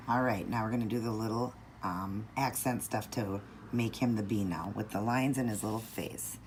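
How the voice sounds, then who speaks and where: Woman doing a nail tutorial, low-key, patient, kinda gravelly. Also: slight background noise. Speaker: nail art tutorial host. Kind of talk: step-by-step tutorial narration.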